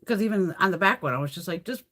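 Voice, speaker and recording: A husky woman chats casually on her beauty livestream, swearing freely and snarking as she tells stories. Her pitch jumps up and down a lot while she talks. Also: animated, rapid-fire, a bit bright. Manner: blunt, profane storytelling with snarky asides. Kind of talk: casual chat.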